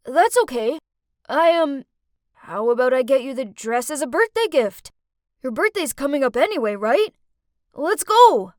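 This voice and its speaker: A woman voicing a shy, nervous, dorky teenage boy who stammers eagerly in an animated story. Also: high-pitched, measured pace, no room sound, clean studio sound, pitched above the performer's own voice.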